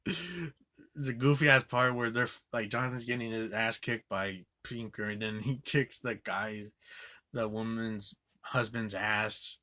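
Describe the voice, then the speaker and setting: A man's voice: fairly low pitch, fairly even intonation, measured pace, pushed and bright. A man giving a loose, rambling movie recap, swearing casually as he goes. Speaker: movie reviewer.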